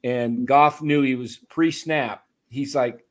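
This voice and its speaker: A man's voice: medium pitch, fairly even intonation, slow, hardly any pauses. A man with an ordinary mid-range voice hosts a casual sports chat on a live stream. He rambles in a stop-start way and often restarts his sentences. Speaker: sports show host.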